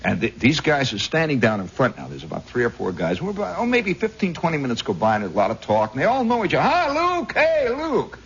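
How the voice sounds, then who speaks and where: An Indiana radio host spins a rambling story in a dull-sounding 1960s radio recording with slight background noise. His medium-pitched voice moves fast with barely a pause, animated and husky in the manner of a born raconteur.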